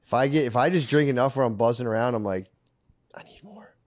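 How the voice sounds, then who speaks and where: A man's voice: mid-range voice, rapid-fire, no echo, studio quality. A man co-hosting a podcast in casual chat, rambling and swearing, acting out his own outbursts. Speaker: podcast co-host.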